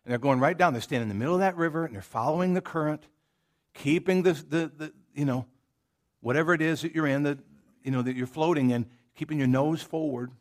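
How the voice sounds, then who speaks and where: A male pastor with a drawl preaches to his congregation in a casual, storytelling manner, trailing off into asides and restarting his sentences. His voice sits a little high for a man. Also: fast talker. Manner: folksy and conversational, with many restarts and asides. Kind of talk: sermon. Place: church sanctuary.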